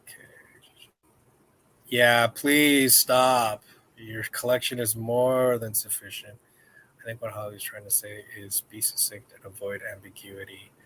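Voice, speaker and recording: A man's voice: medium pitch, bright, forceful tone, no room sound. A man hosting a casual live-stream chat, rambling and joking with viewers. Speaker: host.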